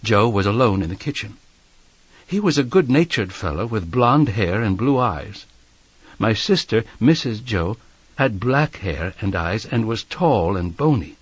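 A man narrating an audiobook in a measured, expressive storytelling manner. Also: on the low side, slightly rough, no room sound. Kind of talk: scripted narration.

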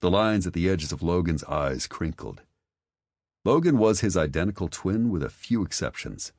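A man narrating an audiobook with a very low voice that rises and falls expressively. The reading is close and dry, with no room sound at all. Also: moderate pace, no room sound. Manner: expressive storytelling. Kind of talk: scripted narration.

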